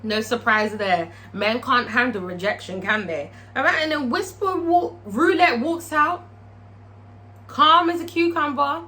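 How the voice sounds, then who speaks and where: A woman's voice: sits high, a little slow, sharp tone. A young woman recapping a TV episode in a blunt, profane, sassy storytelling manner. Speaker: TV episode reviewer.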